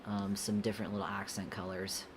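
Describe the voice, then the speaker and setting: A woman's voice: rumbling low, flat delivery, brisk, noisy background. A young woman casually chatting with her stream while drawing, rambling and laid-back, often breaking into giggles. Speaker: artist streamer answering chat.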